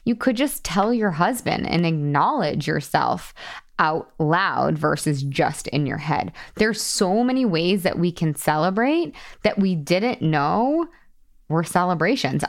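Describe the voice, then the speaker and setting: A woman's voice: lowish voice, animated, normal speed. A woman in her thirties hosting a solo podcast, talking as a weight-loss coach in a bubbly, chatty way. She laughs often and acts out the voices she quotes.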